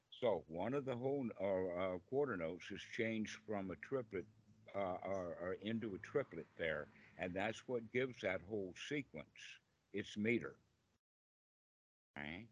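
Low-voiced man giving a relaxed dharma talk. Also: measured pace, no echo, dull audio. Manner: patient, explains by humming rhythms, frequent fillers. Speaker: Buddhist meditation teacher. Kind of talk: informal dharma talk on a group call. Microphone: video call.

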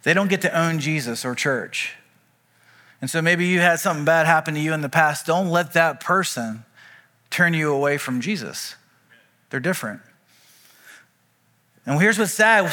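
A man preaching a sermon as pastor, telling stories in a conversational way with quick asides. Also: on the high side, pushed and bright, long reverb tail. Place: church auditorium.

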